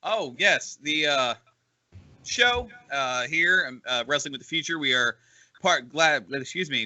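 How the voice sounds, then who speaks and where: A man co-hosting a podcast interview, reading an ad and asking questions in a halting, hesitant way with fillers. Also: on the high side, animated, sharp tone. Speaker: co-host.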